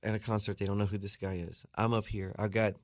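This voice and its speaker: A man on a radio show telling an animated story, acting out other people's voices and laughing as he goes. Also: quick pace, heavy background noise. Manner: acts out voices with big jumps in pitch and laughs. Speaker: guest musician telling a story. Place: radio studio.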